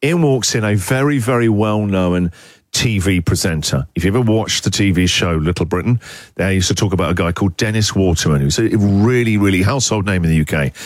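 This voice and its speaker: A middle-aged man hosting a radio show, telling a story in a chatty, animated way with laughs. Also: lowish voice, dry recording, studio quality. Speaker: radio host. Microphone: studio microphone.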